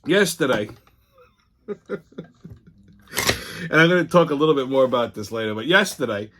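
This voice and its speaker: A man's voice: mid-range voice, expressive, normal speed, noisy background. A man, hosting a casual monologue, telling blunt, profane stories full of quoted arguments. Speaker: host.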